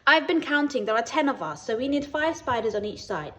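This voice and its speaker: A woman's voice: high voice, big pitch swings, a little fast, pushed and bright, voice pushed up, heavily acted. A woman voicing a small, eager young girl spider in a children's storybook reading, keen and earnest.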